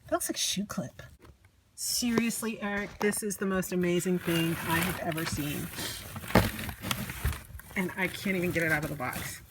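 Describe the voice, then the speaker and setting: A woman's voice: fairly low pitch, steady tone, moderate pace, long pauses, very noisy. A woman vlogging an unboxing at home by a fireplace, giddy and gushing, with gasps and laughter. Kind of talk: casual unboxing chat.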